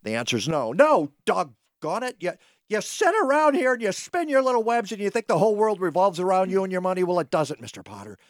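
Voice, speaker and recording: An exasperated young family man, played by a man in a radio comedy parody. He snaps and shouts, with his pitch leaping around. The recording is dry and close. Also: sing-song, fairly quick, no room sound. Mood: defiant.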